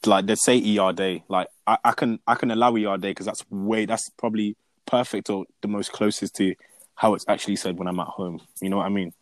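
A young man in casual chat, animated and repeating words as he rants. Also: fairly low pitch, brisk, no room sound. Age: young adult.

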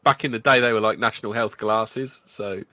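Bright-voiced man on a dull lo-fi mic. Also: fairly low pitch, steady tone, no echo. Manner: chatty, quick to joke and laugh. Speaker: podcast co-host. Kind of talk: casual podcast chat.

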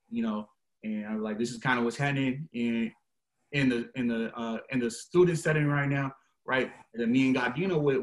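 A young man, a guest on a podcast, talking in a relaxed, slangy and emphatic way. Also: medium pitch. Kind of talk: casual conversation.

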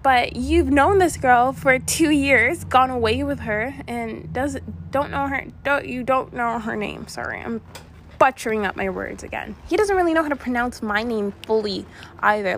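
A woman's voice: mid-range voice, slight background noise. A young woman vlogger telling a rambling storytime to her viewers, with many asides and restarts. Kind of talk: casual storytime chat.

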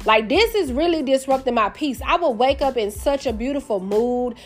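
Woman, thirties, podcast host, sassy and candid, slightly high voice, faint background music. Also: lively intonation, normal speed, hardly any pauses. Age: 30s. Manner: candid and sassy, addresses listeners as y'all and baby. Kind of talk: casual storytelling monologue.

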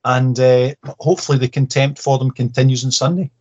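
A man, a guest on a football podcast, talking casually with dry humour and halting restarts. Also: mid-range voice, fairly even intonation, a little mellow, husky, lo-fi sound.

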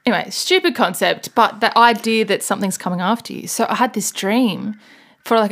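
A woman co-hosting a podcast, chatting casually and rambling through a story with frequent laughs. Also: medium pitch. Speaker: podcast co-host. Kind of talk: casual chat.

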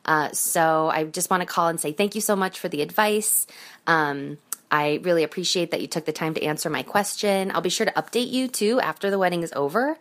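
A woman's voice: lowish voice, a little fast, a bit bright. A woman leaving a voicemail for a podcast, effusive and grateful, with hesitant fillers. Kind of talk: recorded voicemail message.

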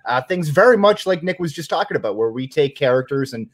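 A man's voice: fairly high pitch, animated, quick pace. A man co-hosting a podcast in casual chat, joking and punning with a loose, rambling delivery. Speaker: podcast co-host.

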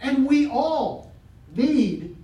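A man's voice: very high voice, expressive, very slow, distant mic. Male pastor preaching in an echoey hall. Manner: preaching with congregation call-and-response, building to shouts. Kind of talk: sermon. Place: church sanctuary. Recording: echoey hall, mic from afar, faint noise.

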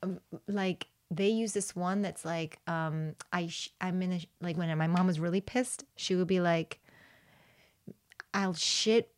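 A woman's voice: fairly low pitch, moderate pace. Cuban woman, laughing storyteller. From Cuban family. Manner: animated, laughs a lot when telling stories. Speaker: podcast guest. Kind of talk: casual chat.

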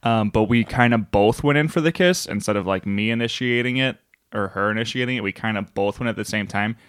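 A man's voice: fairly low pitch, fairly quick, fairly bright tone, clear, resonant tone, no echo, clean studio sound. A young man casually co-hosting a podcast, telling stories in a rambling, self-interrupting way. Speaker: podcast co-host. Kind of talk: casual chat.

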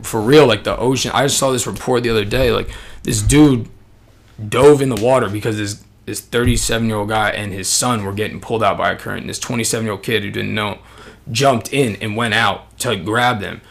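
A man's voice: lowish voice, fairly quick, gravelly. Slangy, profane young man telling a story. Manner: slangy, profane, animated storyteller, full of fillers. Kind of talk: casual storytelling chat.

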